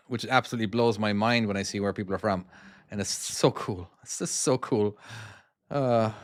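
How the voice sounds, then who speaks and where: Male game streamer, mid pitch, easily distracted, reads chat aloud, dry close recording. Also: a bit bright, no echo. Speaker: game developer streaming his own game. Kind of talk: casual live-stream chat while playing.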